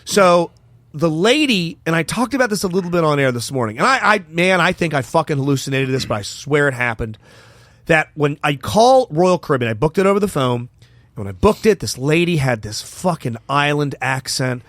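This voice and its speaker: A man's voice: fairly high pitch, brisk, no room sound. A man co-hosting a podcast in a studio, chatting casually and telling stories with lots of swearing. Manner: profane, animated storyteller. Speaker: podcast co-host. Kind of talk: casual chat.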